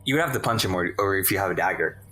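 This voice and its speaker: A man acting as game master in a tabletop role-playing game, narrating casually with many pauses and laughs. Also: deep voice, lively intonation, bright, forceful tone, faint music behind, low-quality recording. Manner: casual, hesitant with fillers, laughs often.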